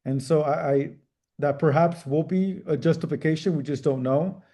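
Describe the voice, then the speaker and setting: A middle-aged man, a trial attorney, answering interview questions in a measured, careful way with frequent restarts. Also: fairly high pitch, steady tone, warm tone. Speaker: civil rights trial attorney.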